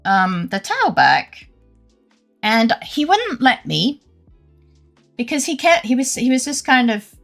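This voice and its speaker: Chatty british woman streamer with a gravelly edge. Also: fairly high pitch, sing-song, measured pace, long pauses, a bit bright, soft background music. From Britain. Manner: rambling, greets chat often, many fillers and restarts. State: has a headache. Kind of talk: casual live-stream chat.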